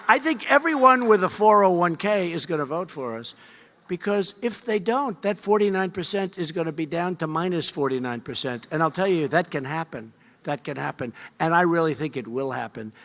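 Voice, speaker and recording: This seventies-aged politician's voice is fairly high, bright, and animated at normal speed. Speaking off the cuff at a campaign event in a large hall, he boasts emphatically and keeps repeating his points, while the reverberant room carries a faint crowd.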